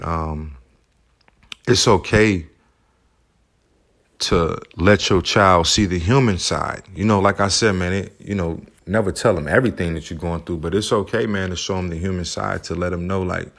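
A man with a deep, low voice tells his own story as a single father. His talk is heartfelt and loose, and he keeps circling back with easy fillers like "you know" and "man". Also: a bit bright. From United States. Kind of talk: personal storytelling.

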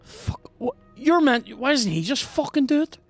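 A man with a Northern Irish accent, hosting a podcast and commenting on a video game in a sweary, excitable, jokey way. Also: extremely high pitch, moderate pace, faint music behind. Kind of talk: casual gameplay commentary.

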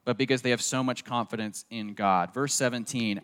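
A man's voice: medium pitch, fairly even intonation, brisk, a bit bright, clean tone, in a large hall. A man preaching a sermon with a faint Southern accent, earnest and repeating phrases for emphasis, tagging points with "okay?". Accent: slight Southern. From southeastern United States. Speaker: pastor.

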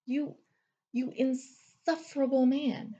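A woman's voice: medium pitch, expressive, a little slow, darkish tone, muffled recording, pitched above the performer's own voice. A woman voicing an angry fawn-folk healer who scolds in an indignant way.

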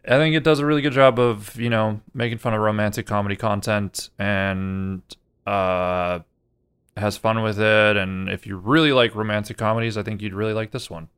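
A man co-hosting a podcast, casually reviewing a movie with lots of fillers and trailing off quietly. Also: lowish voice, steady tone, moderate pace, smooth. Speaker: podcast co-host.

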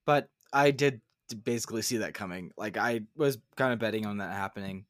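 A man co-hosting a podcast in casual chat, animated and rising to loud, high complaints when annoyed. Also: a little fast, no room sound, clean studio sound. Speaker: podcast co-host.

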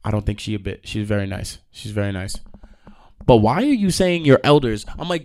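A young man hosting a podcast, telling stories in a casual, profane rant with sudden loud outbursts. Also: fairly high pitch, sing-song, quick pace. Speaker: podcast host.

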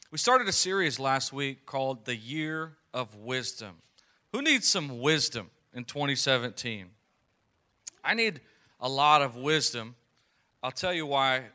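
A man preaching to a young adult group in a conversational, animated way, telling family stories and reading scripture. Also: medium pitch. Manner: conversational, animated, with storytelling asides. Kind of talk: sermon.

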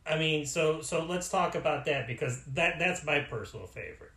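A man hosts a podcast in a casual, enthusiastic chat full of fillers. His voice sits on the higher side and sounds expressive, pushed and bright, moving at a moderate pace in a reverberant space.

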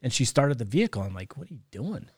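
A man's voice: medium pitch, big pitch swings, fast, a little mellow, husky, no room sound, studio quality. A man chiming in on a friends' story in casual chat, swearing and laughing along.

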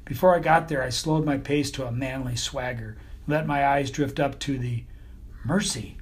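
A man's voice: mid-range voice, normal speed, husky. A man reading a comic children's story as an audiobook narrator, in a folksy, mock-grand manner.

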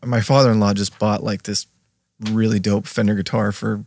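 A man's voice: on the low side, little pitch movement, normal speed, creaky, darkish tone. A man co-hosting a podcast in casual chat, asking questions as he talks. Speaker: podcast co-host.

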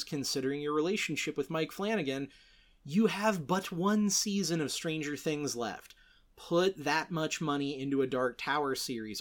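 A man in his thirties runs an entertainment news podcast in a loose, conversational way. His voice sits a bit on the high side. He turns animated and sarcastic as he calls out companies by name. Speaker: podcast host. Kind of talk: casual news commentary podcast.

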